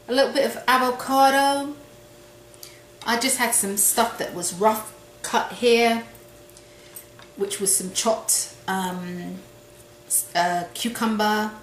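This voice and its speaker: A woman's voice: on the high side, slow pace, fairly bright tone. A woman hosting a casual cooking demonstration in a home kitchen, chatty and repeating her phrases as she tastes the food. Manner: chatty, repeats phrases, talks while eating. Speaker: cooking show host. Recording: echoey kitchen with faint noise.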